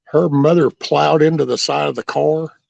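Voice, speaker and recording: Gravelly, raspy middle-aged man rambling. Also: on the high side, steady tone, moderate pace, darkish tone, no echo, muffled recording. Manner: rambling, blunt and profane, with many restarts. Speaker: channel host telling his life story. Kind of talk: casual storytelling.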